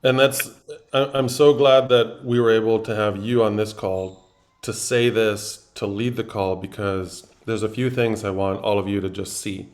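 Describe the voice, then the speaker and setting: A man's voice: lowish voice, fairly even intonation, normal speed. A man hosting a coaching call, speaking emphatically and acting out people's reactions. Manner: emphatic, acts out others' reactions. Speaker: coach and host.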